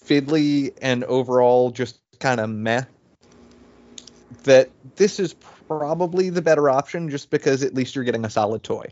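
A man co-hosting a casual podcast chat, easygoing and self-deprecating, with halting restarts. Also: mid-range voice, a little mellow, muffled recording. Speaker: podcast co-host. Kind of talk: casual chat about toy purchases.

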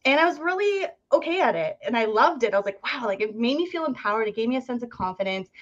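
Here the young podcast guest from Ontario, Canada sounds a little high and talks fast. Her telling is chatty and lively, full of "like" fillers, with quotes acted out in different voices, all on dull lo-fi audio.

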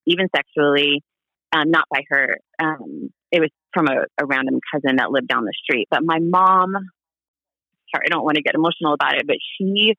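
A man from Hawaii, a podcast guest, telling family stories in a casual interview, animated and laughing, acting out quoted voices. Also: a little high, no room sound, lo-fi sound.

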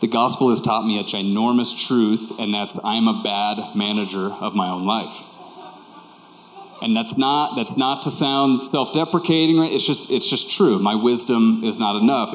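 A man delivers a sermon in a relaxed, candid way, leaning on repetition to drive his points home. His voice sits low. It rings out through a roomy church hall with a long tail of reverb. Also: normal speed. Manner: conversational and candid, repeating key phrases. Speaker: preacher.

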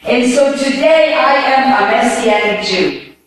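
High-voiced older woman preaching in echoey hall. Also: measured pace, recorded from a distance. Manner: animated, calls out questions to the audience. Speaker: speaker giving her testimony. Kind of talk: preaching testimony.

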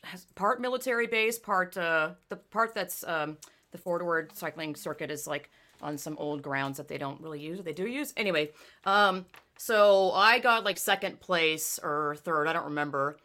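A young woman chatting casually on a podcast, telling animated stories that burst into loud, profane rants. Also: on the low side, normal speed. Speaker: former amateur cyclist.

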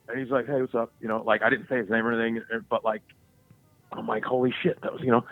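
A man's voice: medium pitch, brisk, no room sound. A man co-hosting a podcast, telling sports stories in a loose, profane way and acting out the voices of the people he quotes. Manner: profane, animated storytelling with acted-out quotes. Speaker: podcast co-host. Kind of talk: casual podcast chat. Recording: dry, tinny phone-like sound.

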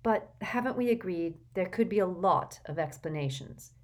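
A woman voicing a bookish teenage girl who talks briskly and impatiently. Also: on the low side, lively intonation, lightly acted.

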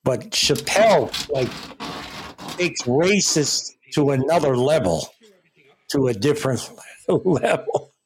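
A man's voice: mid-range voice, expressive, slow pace, a little hiss or hum. A man hosting a casual chat, telling rambling, profane stories. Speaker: host.

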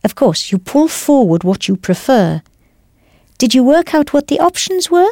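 A woman teaching a language lesson in a clear, patient, encouraging scripted voice. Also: sits high, sing-song, moderate pace, dark tone, no room sound, clean studio sound.

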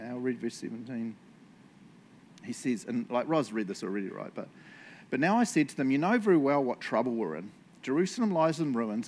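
A man's voice: mid-range voice, slight background noise. A man preaching a casual sermon, chatty, with frequent laughs and tag questions. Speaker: pastor.

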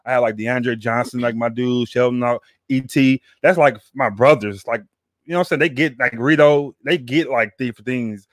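A man's voice: mid-range voice, moderate pace, dry recording, clean studio sound. A man hosting a podcast in casual chat, rambling and repeating words with plenty of slang. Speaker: podcast host.

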